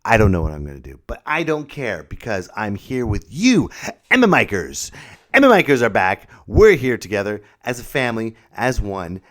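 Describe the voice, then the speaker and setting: A man's voice: fairly low pitch, big pitch swings, moderate pace. A man, a stand-up comedian, hosting his own podcast in a playful, rambling, self-mocking way into a new microphone that pops on p sounds. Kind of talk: casual solo podcast monologue. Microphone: new podcast microphone with popping p sounds.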